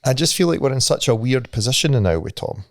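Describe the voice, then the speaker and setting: A man's voice: medium pitch, lively intonation, quick pace, no room sound, studio quality. A Scottish man co-hosting a podcast in casual chat, swearing freely and laughing at his own stories. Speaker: podcast co-host.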